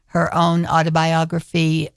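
A woman guest in a radio studio, speaking in a slow, earnest way with pauses. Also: sits low, completely flat delivery, clear, resonant tone, dry recording. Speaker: guest performer. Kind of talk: radio interview.

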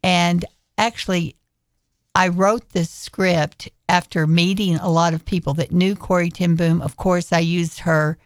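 A woman guest in a radio studio, speaking in a slow, earnest way with pauses. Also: lowish voice, steady tone, no room sound. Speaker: guest performer. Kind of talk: radio interview.

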